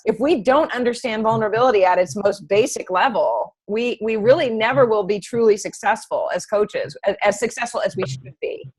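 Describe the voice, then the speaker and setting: A middle-aged woman training health coaches in a casual call, chatty and animated, telling anecdotes. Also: mid-range voice, a little fast, few pauses, breathy edge, rough recording.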